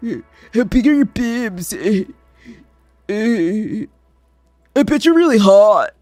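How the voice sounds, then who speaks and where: A woman's voice: mid-range voice, lively intonation, slow, darkish tone, dry recording, soft background music, voice pushed up. A woman mimicking a sleazy, stammering male voice-chat creep. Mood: leering.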